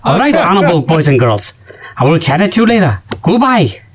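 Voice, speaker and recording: A man's voice: a little high, very animated, fairly quick, husky. A man putting on a sing-song comic receptionist. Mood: mock-polite. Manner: sing-song, over-the-top comic put-on voice. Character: exaggerated put-on male company receptionist.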